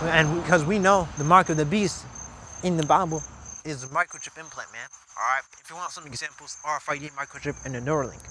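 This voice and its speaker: A man teaching from scripture in an informal way. He keeps tagging his remarks with "man", "okay?" and "all right?", and reads the verses aloud louder and more formally than his own talk. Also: a little high, slight background noise, low-quality recording. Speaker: religious teacher. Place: outdoors at a camp.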